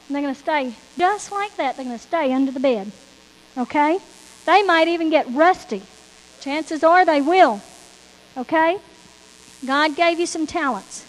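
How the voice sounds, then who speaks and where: High-voiced woman preaching with long reverb. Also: expressive, a little slow, pauses often. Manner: emphatic and repetitive, quoting scripture. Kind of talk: sermon.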